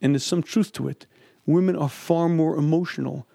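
A man's voice: a little high, fairly even intonation, moderate pace, gravelly, mellow, no echo, clean studio sound. Emphatic middle-aged man teaching Talmud. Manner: emphatic, acts out quoted speech. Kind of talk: lecture on Talmud and marriage.

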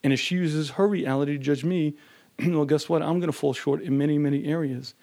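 Male teacher with a somewhat higher voice, keeps clearing his throat, lively storytelling lecture. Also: a little fast. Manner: frequent throat-clearing, acts out quoted voices. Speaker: marriage teacher. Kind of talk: lecture on marriage.

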